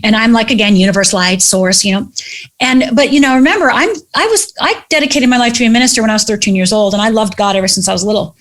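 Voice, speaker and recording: Animated woman guest, slightly high voice, candid storytelling with acted-out quotes. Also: quick pace.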